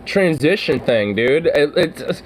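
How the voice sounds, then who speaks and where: Young dude reacting to a clip, cursing a lot, kinda high voice, slight hiss in the background. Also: male voice, expressive, slow, rough recording. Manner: profane, rambling, laughing, slangy. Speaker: reaction video host. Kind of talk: casual reaction commentary.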